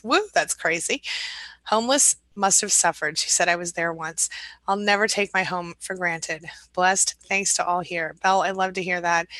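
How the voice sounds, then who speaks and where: Bright-voiced woman reading live comments. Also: mid-range voice, no echo. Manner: warm, sympathetic, reassuring. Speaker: host, relationship recovery coach. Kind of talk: live stream, reading viewer comments aloud.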